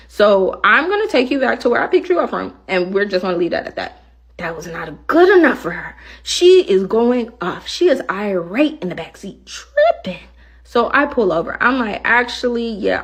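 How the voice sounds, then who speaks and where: A woman telling a personal story in a blunt, profane and animated way, acting out the other side of the dialogue. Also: medium pitch, slightly rough. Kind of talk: casual storytelling.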